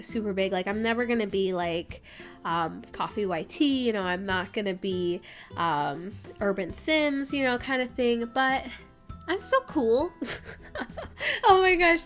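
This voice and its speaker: A woman's voice: a little high, fairly bright tone. A young woman YouTuber chatting casually in a rambling, self-deprecating way over a building video. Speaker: Sims YouTuber. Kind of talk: casual voice-over chat during speed build.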